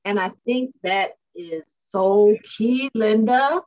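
A married woman in casual chat, telling animated family stories and laughing often. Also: mid-range voice, takes it slowly, dull audio.

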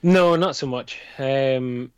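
A Scottish man chats as a podcast co-host, laughing often and stumbling over his first words. His voice sits at a middle pitch. The recording is dry and close, with no room echo. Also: slow, smooth. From Scotland. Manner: laughs a lot, repeats words when starting. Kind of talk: casual chat.

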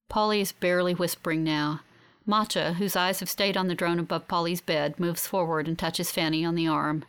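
A woman giving steady, reflective first-person audiobook narration. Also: lowish voice, moderate pace, smooth.

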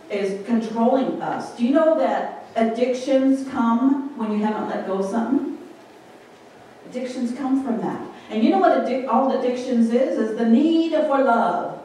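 A woman's voice: a little high, a little mellow. A woman giving an informal sermon in a conversational way, often asking her listeners questions. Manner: conversational, asks the congregation questions. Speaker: preacher. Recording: very echoey hall, distant mic, faint room noise.

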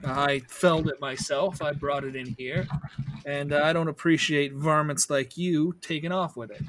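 A man voicing a big, gruff rooster-like male laborer who is hostile and pushy. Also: medium pitch, moderate pace, noisy background, close to an everyday voice. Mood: suspicious. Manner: accusing, pushy.

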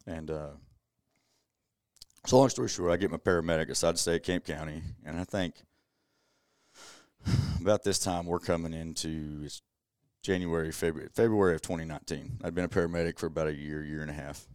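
Deep-voiced man, dry sound. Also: fairly even intonation, a little fast, pauses often, a little mellow, clear, resonant tone, no echo. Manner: earnest, conversational, many "you know"s. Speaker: podcast guest. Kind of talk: personal storytelling, casual.

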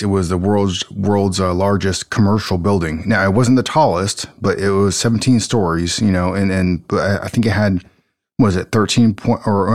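A man with a very low voice co-hosts a podcast and stumbles through his points with fillers and restarts. His sound is close and dry, with no room around it. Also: dry recording. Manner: halting, many restarts and fillers. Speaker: podcast co-host. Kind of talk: casual podcast chat.

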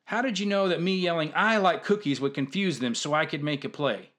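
A man's voice: a little high, brisk, fairly bright tone, lightly acted. A man doing an earnest teenage football player.

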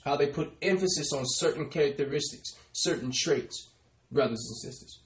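A man preaching a sermon, calling out "brothers and sisters" and slowing down to stress key words. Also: on the high side, reverberant. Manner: addresses "brothers and sisters" often, trailing off softly. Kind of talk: sermon with scripture call-and-response.

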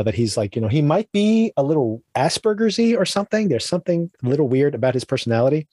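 A man's voice: fairly high pitch, big pitch swings, fast talker, hardly any pauses, a little mellow, no echo, studio quality. A man hosting a podcast, chatting casually and animatedly, often laughing and acting out lines. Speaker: podcast host. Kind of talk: casual chat.

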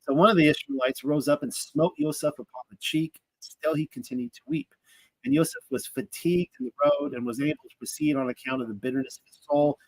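A man's voice: on the high side, fairly quick, no echo, rough recording. A man reading scripture aloud and commenting in a casual, thinking-aloud way, with fillers and restarts. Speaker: Bible study teacher.

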